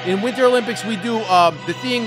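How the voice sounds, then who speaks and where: A man's voice: high-pitched, fairly quick, music in the background, crowd noise, close to an everyday voice. A man voicing a blustering Russian male podcast host who speaks broken English in a put-on Russian accent. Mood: mock-serious. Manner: broken English, bossy, shouting jokes. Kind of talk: comedy podcast sketch.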